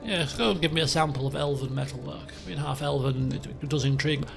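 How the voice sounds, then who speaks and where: A man giving casual, chatty, excitable gameplay commentary as a let's play host at a desk microphone. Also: fairly high pitch, fast, creaky, hardly any pauses, faint music behind. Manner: chatty, excitable, self-mocking.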